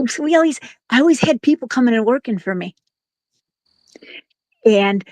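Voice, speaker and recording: A middle-aged woman in easy, chatty conversation, her voice sitting at an ordinary pitch. She tells a story with frequent laughter and plenty of false starts. The sound is close and dry, with no room echo. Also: darkish tone. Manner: chatty, laughs often, lots of restarts. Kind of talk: casual storytelling chat.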